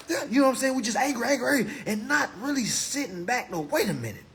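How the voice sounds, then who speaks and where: On a live phone stream, a male host delivers a fast, expressive, impassioned monologue, lurching from loud exclamations to low muttering while tossing in "all right?" again and again.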